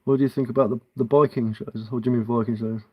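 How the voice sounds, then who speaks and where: Fast and slightly rough, at medium pitch with fairly even intonation, this muffled clip features a livestreaming bushcraft carver from England. He speaks London Cockney tinged with Sussex, chatting casually, rambling a little, and taking viewer questions as he works the wood.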